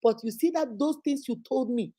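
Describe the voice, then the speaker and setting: A woman's voice: high voice, moderate pace, dark tone. A middle-aged woman hosting a live relationship advice talk, emphatic and preachy, acting out little scenes as she speaks to viewers.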